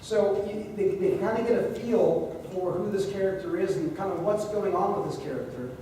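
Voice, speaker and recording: High-voiced man teaching in an echoey hall. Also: normal speed, recorded from a distance, slight background noise. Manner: lively, conversational, joking with the audience. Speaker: speaking coach at a live seminar. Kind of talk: live seminar teaching to a room. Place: large hall with a live audience.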